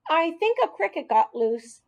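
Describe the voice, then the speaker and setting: A cheeky schoolboy prankster with a high, bouncing voice that leaps up and down, as a woman reads him in an audiobook. He sounds pleased with himself and always ready with a joke, in a slow, deliberate telling. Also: sing-song, lo-fi sound, full character voice. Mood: innocent. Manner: cheeky, bright and raised. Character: mischievous joking schoolboy, about ten. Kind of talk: audiobook character voice.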